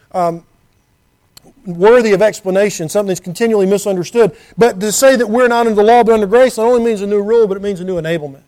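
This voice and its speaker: A man's voice: high-pitched, a little mellow. A man preaching a sermon in an earnest, conversational way, asking his listeners rhetorical questions and reading scripture aloud. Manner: reads scripture in King James wording.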